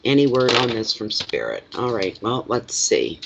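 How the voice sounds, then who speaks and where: A man's voice: medium pitch, big pitch swings, moderate pace, few pauses. A man with a stuffy nose, rambling to himself while he gets ready for a casual card reading. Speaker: card reader. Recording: lo-fi with clear background noise.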